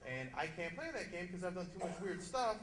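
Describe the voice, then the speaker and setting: A man doing a loud, punchy stand-up comedy set in a club, slipping into quick character voices. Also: high voice, very animated. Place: comedy club stage before a live audience. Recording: echoey room, loud crowd laughter.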